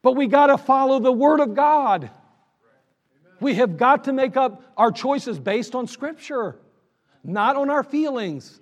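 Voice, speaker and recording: In a church sanctuary, a pastor with a high, expressive voice preaches to his congregation at an unhurried, conversational pace, reading old scripture verses aloud and slipping into small acted-out scenes. The audio has a long church reverb, and its high frequencies are cut off.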